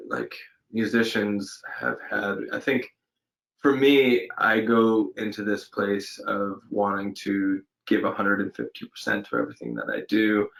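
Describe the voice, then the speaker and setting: In a casual video-call interview recorded at home during lockdown, an actor guest with a fairly low, gravelly and somewhat bright voice reflects slowly on his answers. He hesitates, restarts and says "um" a lot, and the audio quality is poor.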